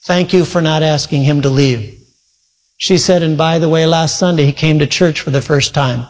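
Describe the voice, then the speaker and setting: A man's voice: fairly high pitch, steady tone. Man preaching in a reverberant hall. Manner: retells a story with many quotes, pace shifting between slow and quick. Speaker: pastor. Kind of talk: sermon storytelling.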